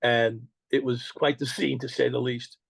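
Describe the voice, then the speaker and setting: A man's voice: medium pitch, flat delivery, unhurried, vocal fry, no echo, rough recording. An older man with a New York accent, telling his own story in an interview in a blunt, profane way and acting out the dialogue he quotes. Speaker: interview guest.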